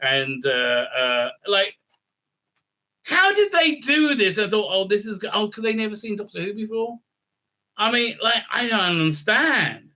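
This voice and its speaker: A man's voice: high voice, lively intonation, moderate pace, bright, forceful tone. A man recapping and reviewing a TV episode in a rambling, sarcastic way, full of fillers and silly acted-out voices.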